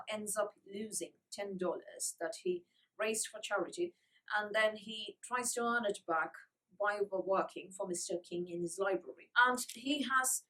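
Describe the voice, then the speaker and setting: A woman's voice: fairly high pitch, bright, forceful tone, far from the mic, low-quality recording. A woman reviewing old children's books in a casual, wry manner, reading passages aloud between comments. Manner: wry, lightly sarcastic. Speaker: book reviewer.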